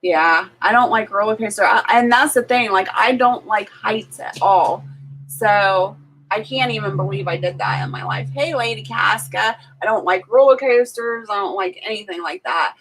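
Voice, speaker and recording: A woman chats casually with her live viewers while she cooks, talking easily at a mid pitch. She rambles through stories, full of "like" and "um", and laughs often. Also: normal speed, fairly bright tone, a little hiss or hum, low-quality recording. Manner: chatty storyteller, laughs often, filler-heavy. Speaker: live-stream host. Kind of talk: casual live-stream chat while cooking. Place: home kitchen.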